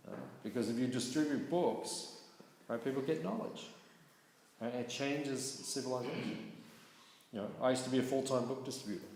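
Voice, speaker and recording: A man teaching a scripture class in a relaxed, conversational way, often checking in with his listeners. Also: mid-range voice, normal speed. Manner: conversational, keeps asking "right?". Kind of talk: casual scripture class talk. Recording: echoey hall with faint noise.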